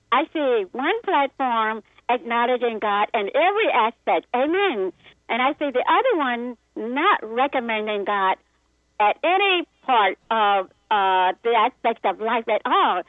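A woman's voice: on the high side, very animated, unhurried, no echo. A woman with an Asian accent calling in to a radio show, polite, earnest and emphatic. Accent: Asian-sounding. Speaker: caller. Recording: tinny phone line.

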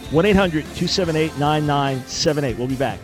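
A man's voice: a little high, a little fast, music in the background. A man hosting a radio talk show, speaking conversationally with sudden bursts of emphasis.

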